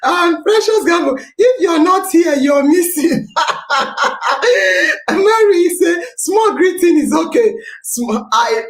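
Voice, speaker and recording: Lively high-voiced Nigerian woman, roomy sound. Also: slow. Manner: laughing, exclaiming, mixing pidgin into English. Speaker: podcast host. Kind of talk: animated storytelling and live chat. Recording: roomy echo.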